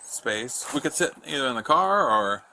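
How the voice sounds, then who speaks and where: A man's voice: medium pitch, big pitch swings, normal speed. Casual male officer on noisy bodycam audio. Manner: casual, reassuring questioning. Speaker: police officer. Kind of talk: recorded police interview. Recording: bodycam audio with clear background noise.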